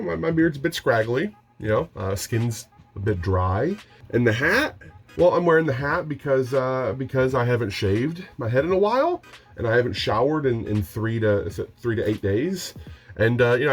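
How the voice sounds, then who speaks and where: A young man talking casually in a home vlog, rambling and self-mocking, getting excitable as he shows off his finds. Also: medium pitch. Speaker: DVD collector vlogger. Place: home room.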